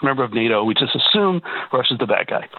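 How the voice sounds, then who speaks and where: A man's voice: mid-range voice, expressive, fast. A man calling in to a radio talk show, talking emphatically and repeating himself as he presses his point. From Canada. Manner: emphatic, repeats words, rising to insistence. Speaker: caller. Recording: tinny phone line on radio.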